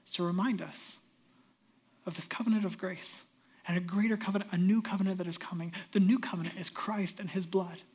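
A middle-aged male pastor preaching a sermon, swinging from loud emphatic peaks down to hushed near-whispers. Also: high-pitched, steady tone, fairly quick, husky.

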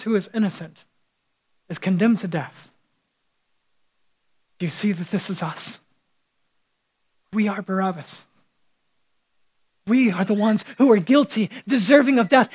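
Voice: mid-range voice, slightly rough, poor audio. A pastor preaching a sermon in an impassioned way, rising to fervent emphasis.

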